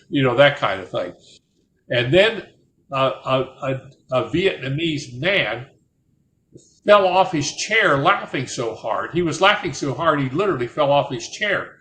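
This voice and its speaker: A man's voice: medium pitch, expressive, unhurried, a bit bright. Older guy rambling through old stories, echoey room, little bit of background hum. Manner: rambling, self-interrupting storyteller. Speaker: retired Marine officer telling war stories. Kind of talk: anecdotal storytelling. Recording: roomy with faint ambience.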